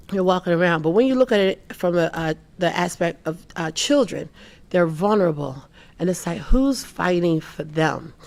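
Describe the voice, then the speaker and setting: A woman speaking on a panel about mental health. She talks earnestly, restarts often, and animates the people she quotes. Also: fairly low pitch. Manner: earnest, acts out quoted people in lively voices. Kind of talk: panel talk.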